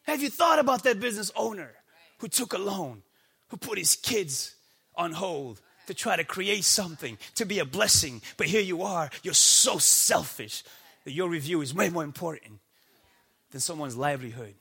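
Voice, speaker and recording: A man from the United States preaching a sermon in church with impassioned shouting and rhetorical questions. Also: sits high, lively intonation, normal speed, creaky, breathy edge. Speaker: pastor. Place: church before a congregation.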